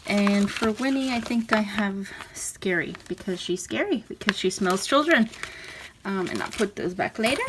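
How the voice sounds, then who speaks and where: A woman casually talking through a handmade journal she is showing page by page, relaxed and chatty. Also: mid-range voice, normal speed. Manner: chatty, relaxed, with fillers and soft laughs. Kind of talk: casual craft walkthrough. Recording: audible background noise.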